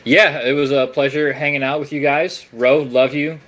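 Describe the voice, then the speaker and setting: A man's voice: mid-range voice, steady tone, moderate pace, a bit bright, rough recording. A man guesting on a casual livestream chat, easygoing and friendly.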